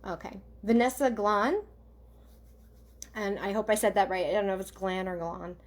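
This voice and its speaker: A woman working as a psychic medium, doing a live online reading for viewers in a gentle, halting way, with many ums and okays. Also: medium pitch.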